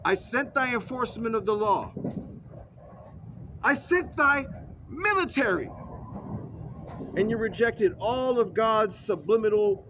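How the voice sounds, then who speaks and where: A man's voice: high voice, expressive, a little slow, pauses often. A man voicing God as a blunt male deity who scolds casually, in a noisy vehicle. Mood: scolding.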